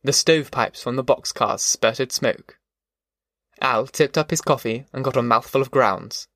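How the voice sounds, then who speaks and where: A man reading a novel aloud in measured, descriptive narration. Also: mid-range voice, a bit bright, dry recording, studio quality. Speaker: audiobook narrator. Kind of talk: scripted narration.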